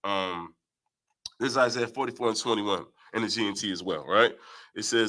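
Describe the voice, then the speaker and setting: Bright-voiced man teaching scripture. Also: fairly low pitch, normal speed. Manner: reads verses aloud and explains them, asking "right?" often. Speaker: Bible teacher. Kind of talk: scripture study talk.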